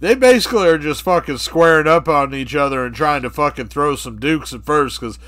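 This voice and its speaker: A man's voice: fairly high pitch, animated, a little fast, fairly bright tone, dry recording. A man co-hosting a podcast, telling a crude comic story in a profane, rambling way. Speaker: podcast co-host.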